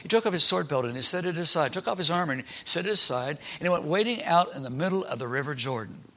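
A man's voice: a little high, quick pace. A man telling a Bible story to children, asking them questions and acting out the characters. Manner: animated, asks the children questions and acts out the characters.

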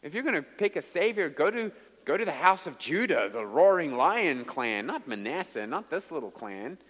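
A man's voice: on the high side, very animated, moderate pace, a bit bright. A man voicing a whiny young man who pities himself and makes excuses, heard with long hall reverb. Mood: whining. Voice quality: whining, sulky.

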